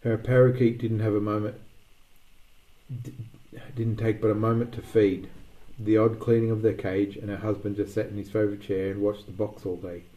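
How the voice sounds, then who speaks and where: A man's voice: lowish voice, flat delivery, normal speed, mellow, poor audio. A man narrating a story aloud, reading with occasional restarts and small slips.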